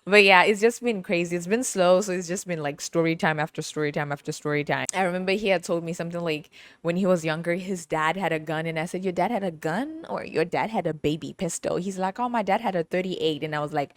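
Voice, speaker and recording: A woman's voice: on the low side, fast, dry recording. A woman hosting a podcast, telling stories in a casual, chatty way, laughing often and playfully teasing. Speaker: podcast host. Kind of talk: casual storytelling monologue.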